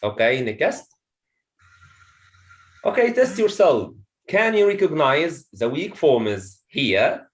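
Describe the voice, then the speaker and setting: A man's voice: fairly high pitch, sing-song, takes it slowly, pauses often. A man teaching a pronunciation lesson to a classroom of students, repeating phrases and checking understanding with "okay?". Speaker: English teacher.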